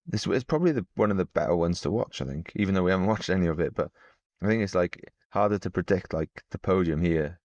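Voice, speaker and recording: A man's voice: sits low, animated, fast talker, a little mellow, no room sound, highs cut off. A man in his thirties, a podcast co-host talking bluntly and chattily, offering wry opinions. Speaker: podcast co-host, pro cyclist. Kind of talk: casual chat.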